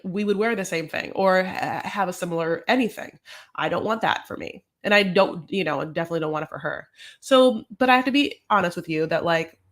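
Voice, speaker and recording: An American woman hosting a casual recap, talking in a chatty, gossipy, sassy way. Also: mid-range voice. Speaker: host. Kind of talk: casual reality-show recap.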